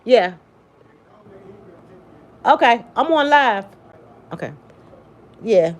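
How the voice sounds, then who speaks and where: A woman's voice: a little high, lively intonation, takes it slowly, pauses often. A woman hosting a casual livestream, talking emphatically to her viewers by name and repeating her points. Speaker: livestream host. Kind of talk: casual livestream chat reading comments.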